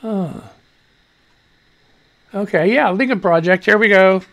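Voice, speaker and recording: A man's voice: sits high, slow, fairly bright tone. An older man hosting a live-stream news commentary show, ranting bluntly and with profanity, talking back to the clips he plays. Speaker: show host.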